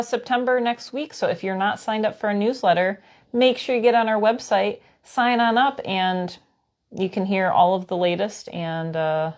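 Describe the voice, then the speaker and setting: A woman's voice: mid-range voice, gravelly. A woman co-hosting a casual live-stream chat, giggly and rambling in an easygoing way. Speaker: co-host.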